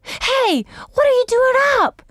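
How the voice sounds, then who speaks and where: A woman reading a children's story aloud and voicing a bossy, excitable little girl who is a big sister. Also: a little slow, dry recording, studio quality, heavily acted. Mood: alarmed. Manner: shrill, teasing and urgent.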